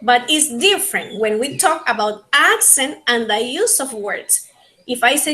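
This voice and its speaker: A woman with a Panamanian Spanish accent teaching an online linguistics class in English, her second language, repeating key points slowly. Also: on the high side, expressive, sharp tone, low-quality recording. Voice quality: slow, repetitive teaching delivery. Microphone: video call.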